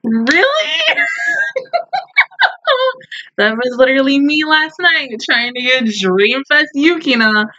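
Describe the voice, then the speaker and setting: A woman's voice: high-pitched, moderate pace, few pauses, noisy background. A woman hosting an anime reaction video, ranting at the screen with plenty of swearing and exasperated outbursts. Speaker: anime reaction channel host.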